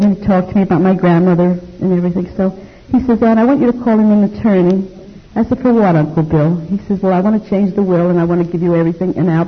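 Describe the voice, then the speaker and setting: An older woman giving a personal testimony to an audience, animated and acting out the dialogue she recalls. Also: mid-range voice, breathy edge. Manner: animated storytelling, acts out quoted dialogue. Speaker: speaker telling her life story to an audience. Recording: dull lo-fi recording.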